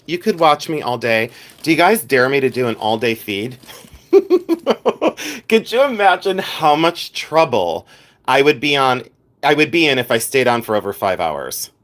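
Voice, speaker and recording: A man's voice: mid-range voice, fairly bright tone. Chatty man hosting a live stream. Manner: chatty and playful, reading out viewer comments, laughs often. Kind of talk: casual live-stream chat with viewers.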